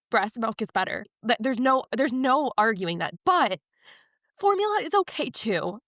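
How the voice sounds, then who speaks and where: On a podcast, a young female guest shares a personal story with raw emotion, in a confiding, animated retelling. She speaks at a fairly high pitch, captured in studio quality without any room sound.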